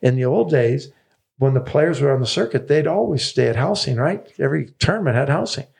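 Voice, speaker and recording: A man's voice: mid-range voice, expressive, a little fast, vocal fry, darkish tone, slightly rough. A man in his seventies, a tennis coach telling stories as a podcast guest, enthusiastic and repeating phrases for emphasis. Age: 70s.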